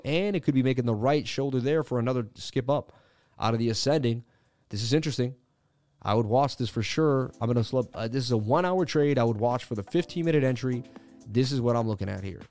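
Faint music plays behind a man whose mid-range, darkish voice moves at a quick pace, with no room sound audible. He hosts a live crypto chart analysis stream, offering casual market commentary full of slang while joking and chatting with viewers.

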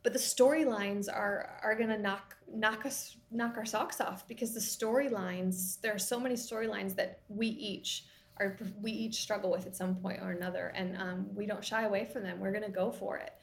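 A woman producer answers interview questions in an eager, flowing way, sometimes tripping back over her own phrases. Her voice has a gravelly, fry-edged texture at a middle pitch. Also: moderate pace. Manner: eager, fluent, restarts phrases when excited. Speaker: TV series producer, interview guest. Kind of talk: conversational interview.

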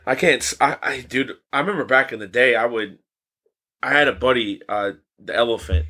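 A man's voice: medium pitch, a little fast, bright, forceful tone. A young man co-hosting a podcast in casual chat, laid-back, swearing a lot and laughing often. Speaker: podcast co-host.

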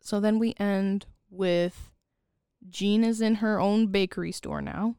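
A woman casually retelling a movie plot on a podcast, animated, often quoting the characters and laughing. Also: medium pitch, slow, clear, resonant tone, no room sound, studio quality. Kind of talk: casual movie recap chat.

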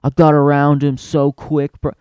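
A man's voice: fairly high pitch, completely flat delivery, normal speed, darkish tone, clean tone, dry recording, lo-fi sound, close to an everyday voice. A man putting on a boastful young car enthusiast who brags about his tuned car and keeps saying bro. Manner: bragging, repetitive, calls listener bro.

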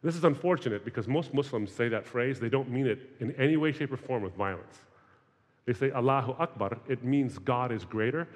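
A man in his forties speaks to a student audience, telling stories with a wry, conversational touch. His voice sits at a middle pitch. It rings out with a long reverb through a large hall. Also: brisk. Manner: conversational storytelling with wry humor. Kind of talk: talk to students.

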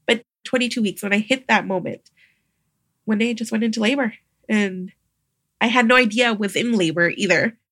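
A young adult woman, a midwife guest on a podcast, telling a personal story in a casual, animated way and acting out the voices of others. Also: mid-range voice, brisk, no echo, studio quality. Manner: animated, acts out quoted voices, laughs often.

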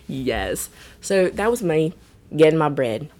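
Low-voiced young woman, chatty and animated. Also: slow. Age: young adult. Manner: chatty, animated storytelling with lots of "like". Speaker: podcast co-host. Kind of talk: casual chat.

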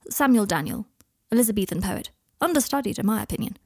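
A woman's voice: medium pitch, expressive, fast, dark tone, breathy edge, no room sound, clean studio sound. Woman doing a teasing, mischievous young wizard. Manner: light, mischievous, wry.

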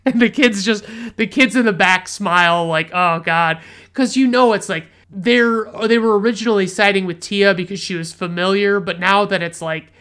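A woman's voice: mid-range voice, normal speed, fairly bright tone. A woman hosting a casual film review podcast, retelling scenes in a rambling, profane way with frequent restarts and fillers. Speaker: podcast host reviewing films.

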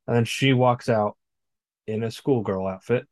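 The speaker is a male podcast co-host chatting casually about a movie he's recapping, blunt and foul-mouthed. His medium-pitched voice has a darkish tone and normal speed, and the recording has no room sound.

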